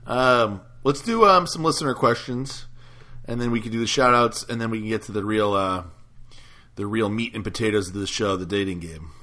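A man co-hosting a casual podcast, easygoing, often laughing along and pausing on fillers. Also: fairly low pitch, sharp tone. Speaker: podcast co-host.

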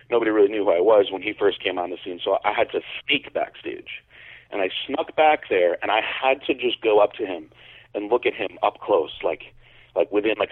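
A man with a fairly low voice tells a story as a podcast co-host. He wanders through it with plenty of "like" and "uh". His voice comes through a thin, phone-like channel. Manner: rambling, many fillers and restarts. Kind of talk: casual storytelling. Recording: phone-like narrow sound.

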